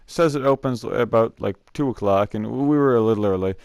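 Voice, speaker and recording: Young man, casual storyteller, rambling, frequent laughs, low gravelly voice, dry close sound. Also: brisk, darkish tone, no room sound. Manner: rambling, laughs often, many fillers and restarts. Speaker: scout camp storyteller.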